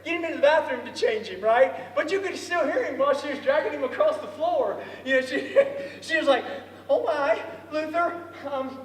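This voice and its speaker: A man telling a lively story to an audience, acting out voices and often laughing. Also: very high-pitched, a little fast, a little hiss or hum. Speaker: storyteller speaker. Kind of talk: storytelling speech. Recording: echoey hall from far off.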